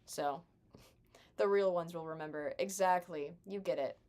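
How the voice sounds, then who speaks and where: Young adult woman, lowish pitch, sarcastic casual streamer chatter, desk mic. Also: normal speed, a little mellow. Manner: chatty, sarcastic, talks to chat. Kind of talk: casual gaming live stream chat.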